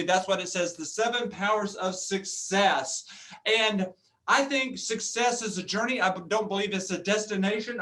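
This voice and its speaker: A man in his fifties giving an energetic, joking motivational talk over a video call, laughing often. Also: high voice. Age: 50s. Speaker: motivational speaker.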